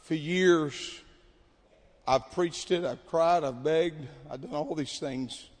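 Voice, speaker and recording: A man preaches a camp meeting sermon in a high voice. He tells a story about his congregation in a quiet, conversational way. The sound carries the long reverb of a large hall. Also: slow. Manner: builds to shouted preaching, then drops to quiet storytelling. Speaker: pastor.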